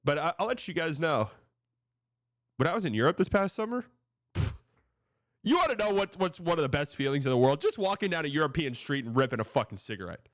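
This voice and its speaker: A man's voice: a little high, animated, brisk, long pauses, no echo, studio quality. A man hosting a casual sports reaction show, talking in a loose, profane, rambling way.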